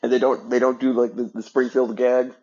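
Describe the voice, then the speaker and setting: Brief: male podcast guest, husky and low, dry humor, muffled lo-fi mic. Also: flat delivery, brisk, mellow. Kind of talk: casual podcast chat. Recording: dull lo-fi mic.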